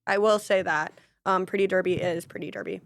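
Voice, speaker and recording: A woman's voice: mid-range voice, fairly even intonation, a little fast, gravelly, dry recording. A woman co-hosting a podcast in casual chat, easygoing and dropping wry asides.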